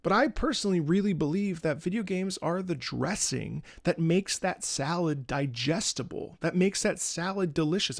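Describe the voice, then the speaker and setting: A man's voice: on the high side, creaky, dry recording, studio quality. A man chatting casually on a music livestream, earnest and rambling, often repeating words and restarting, with the odd swear. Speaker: streamer reacting to music.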